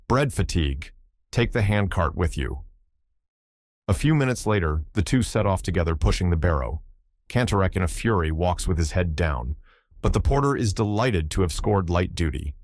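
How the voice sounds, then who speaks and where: Man, audiobook narrator, first-person reading, measured and somber, very deep voice, dry close sound. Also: expressive, darkish tone, dry recording.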